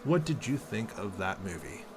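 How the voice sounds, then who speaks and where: A man in his thirties hosting a podcast in casual chat, animated and rambling, with many restarts. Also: fairly low pitch, normal speed, background noise. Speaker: podcast host.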